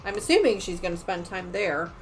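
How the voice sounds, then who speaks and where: A middle-aged woman hosting a home quilting livestream, chatting casually and rambling, often trailing off into quiet muttering as she works. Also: on the low side, lively intonation, fairly quick, soft background music, poor audio. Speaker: sewing livestream host. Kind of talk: casual chat while quilting.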